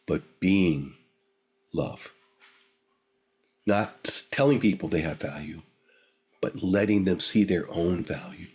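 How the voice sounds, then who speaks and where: A man's voice: sits low, darkish tone, slightly rough. An older man, a guest, telling a personal story in a reflective, emotional way, repeating phrases for emphasis.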